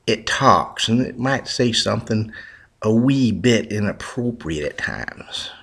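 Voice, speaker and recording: A man's voice: fairly low pitch, lively intonation, slow, creaky, fairly bright tone, slightly rough, exaggerated voice. A man voicing a cautious male pet shop owner who hesitantly warns a customer.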